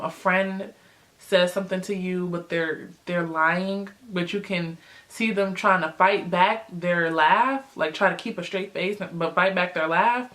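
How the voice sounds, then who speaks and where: A young woman vlogger telling a story in a casual, chatty way, with lots of fillers, jumping high in pitch when she acts out what people said. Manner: animated, acts out quotes with big pitch jumps.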